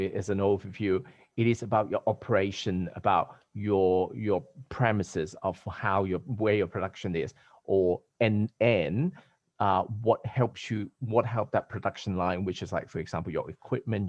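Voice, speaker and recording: A man's voice: lowish voice, moderate pace, darkish tone, no echo, dull audio. A man hosting a podcast in casual conversation over a video call, talking in a rambling, hesitant way with many restarts. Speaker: podcast host.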